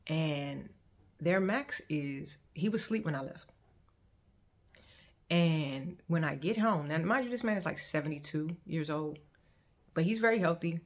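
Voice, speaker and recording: A woman in her thirties telling her personal testimony in a conversational, storytelling way. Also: deep voice. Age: 30s. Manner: conversational, animated when quoting others. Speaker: testimony vlogger.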